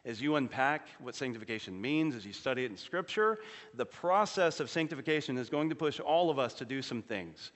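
A man preaching a sermon as pastor, earnestly rising for emphasis and dropping to a low, quiet voice on solemn points. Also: animated, a little fast. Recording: long hall reverb.

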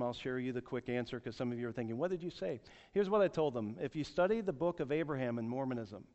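The pastor, a man in his forties, has a mid-range, darkish voice as he preaches. Earnestly telling a story, he repeats words often, and the recording comes from an echoey hall with a dull sound.

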